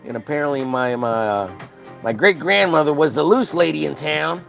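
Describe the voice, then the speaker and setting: A man's voice: fairly high pitch, normal speed, creaky, a bit bright, faint music behind, rough recording. A man from Texas with an American accent, chatting casually and rambling with crude jokes while drawing on a stream.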